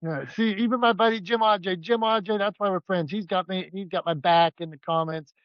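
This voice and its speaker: A man's voice: sits high, fairly even intonation, fairly quick, clean tone, no echo, muffled recording. A man co-hosting a podcast, joking around in a playful, self-mocking way. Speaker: podcast co-host. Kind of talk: casual podcast banter.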